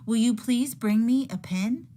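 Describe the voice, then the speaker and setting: A woman's voice: on the high side, a little slow, warm tone, slight background noise, voice pushed up, lightly acted. A woman voicing a patient, firm rabbit father in a storybook read-aloud, repeating insistently.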